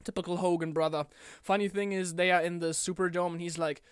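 A young man ranting casually about a wrestling event in a home vlog, animated and chatty, often slipping into impressions of the people he talks about. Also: high voice, fast, smooth, no room sound, clean studio sound. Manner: animated, mimics wrestlers in quotes. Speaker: wrestling fan vlogger.

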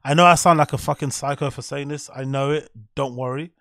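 A man's voice: mid-range voice, fairly even intonation, a little fast, a bit bright, dry recording, clean studio sound. A man hosting a stream, giving blunt, profane reaction commentary on comedy clips and laughing often.

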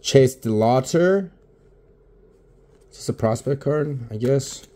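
A man's voice: medium pitch, expressive, slow, warm tone. Drowsy, swearing young man. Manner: swears constantly, mumbling and tired. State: sleep-deprived. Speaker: card opening vlogger. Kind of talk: casual card-opening commentary. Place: home office.

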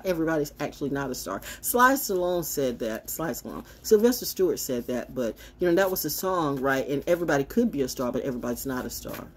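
A woman's voice: rumbling low, slight background noise. A woman holding a casual, brash, sassy monologue to camera as a self-styled spiritual oracle, swinging from mocking asides to blunt remarks.

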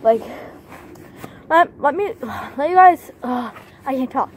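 A woman's voice: high-pitched, expressive, takes it slowly, phone-quality sound, a little hiss or hum. A young woman vlogging outdoors between running laps, out of breath and chatting to her viewers. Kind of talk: casual vlog chat while exercising. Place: outdoors at grandma's house.

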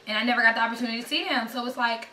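A young woman, talking anxiously and excitedly to her camera in a casual vlog. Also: fairly high pitch, racing, a little hiss or hum. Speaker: vlogger. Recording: echoey room, voice a bit far from mic.

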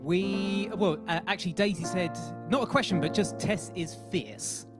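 A man's voice: high voice, moderate pace, music in the background. A man reading out viewer comments for a livestream, hesitant and full of fillers.

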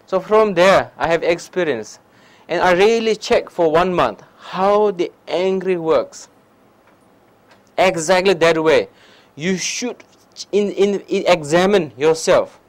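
Young Nepali-accented male teacher, high-pitched, storytelling dharma talk to an audience. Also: rough recording. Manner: non-native English, animated anecdotes, frequent "huh?" asides. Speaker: meditation teacher. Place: lecture hall before an audience.

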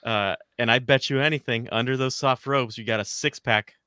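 Easygoing, bright-voiced male co-host. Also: mid-range voice, steady tone, moderate pace, smooth, dry recording, clean studio sound. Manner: easygoing, chuckling. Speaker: podcast co-host. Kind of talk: casual chat.

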